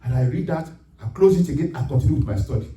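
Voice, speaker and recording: Man preaching with emphatic, lively pitch. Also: quick pace. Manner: rising to emphatic shouts on scripture. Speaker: pastor. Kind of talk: sermon. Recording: echoey room, mic at a distance.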